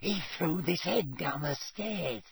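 A man's voice: a little high, animated, slow pace, creaky, crowd noise, voice pushed up, heavily acted. A man voicing a spiteful old male school caretaker in an audiobook, with a gleeful, wheedling, malevolent whine. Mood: fawning. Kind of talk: audiobook character voice.

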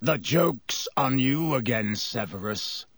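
A man voicing a bitter, haggard escaped convict who snarls and croaks. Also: medium pitch, expressive, takes it slowly, fairly bright tone, no echo, full character voice. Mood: snarling.

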